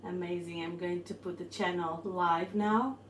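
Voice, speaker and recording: A woman's voice: fairly low pitch, steady tone, unhurried, reverberant, a little hiss or hum. A woman hosting a live cooking stream from her home kitchen, bubbly and greeting viewers as she cooks. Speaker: cooking channel host. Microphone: phone.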